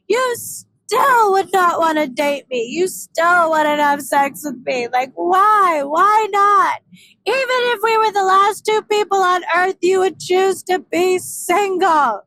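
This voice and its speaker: A woman mimicking a grown man friend in a high, whining, pleading voice. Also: takes it slowly, a bit bright, heavily acted, low-quality recording. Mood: whiny pleading.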